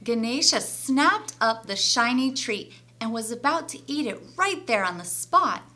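A woman teacher reading a children's story aloud with an expressive storyteller voice. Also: on the high side, measured pace.

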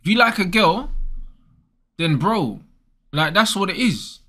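A man's voice: high-pitched, expressive, unhurried, sharp tone. A young man, ranting casually and bluntly with lots of slang as host. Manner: blunt, slangy, repeats "bro" and "bruv". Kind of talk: casual advice rant.

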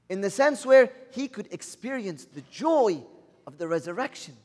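Brief: male preacher, high voice, earnest sermon full of rhetorical questions, long hall reverb. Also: very animated, moderate pace.

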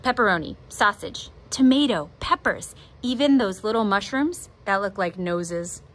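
A woman art teacher who reads a picture book aloud with expressive, animated storytelling, then gives drawing steps. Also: mid-range voice, measured pace.

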